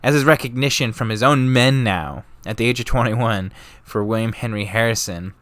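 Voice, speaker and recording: A man's voice: medium pitch, normal speed, fairly bright tone, no room sound. A young man narrating history in a casual, rambling, joking and profane way. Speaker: history vlogger.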